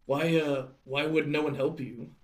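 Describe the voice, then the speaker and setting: A man at a tabletop game, eager and full of quick questions. His voice sits fairly high for a man. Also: steady tone, a little mellow. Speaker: player. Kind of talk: casual tabletop play.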